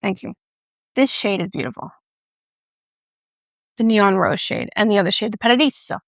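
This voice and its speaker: A chatty woman talks through a makeup review in a playful, joking way. Her voice carries a gravelly edge of vocal fry, and it sounds dry and close, with no room echo. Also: mid-range voice, expressive, normal speed. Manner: playful, chatty, jokey asides. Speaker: beauty vlogger.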